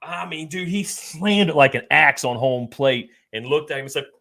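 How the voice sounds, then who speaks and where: A man's voice: a little high, expressive, moderate pace, creaky, pushed and bright. A man co-hosting a sports podcast, telling a casual story with lots of fillers, restarts and laughter. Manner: laid-back storyteller, laughs often, many fillers and restarts. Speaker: podcast co-host. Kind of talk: casual chat.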